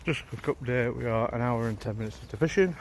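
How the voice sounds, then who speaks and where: A man's voice: mid-range voice, fast talker, noisy background. A man with a South Yorkshire accent, chatting and joking as he vlogs a fishing trip outdoors by a river. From South Yorkshire, England. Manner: chatty, jokey, swears when annoyed. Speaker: angler vlogger. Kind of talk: casual outdoor fishing vlog.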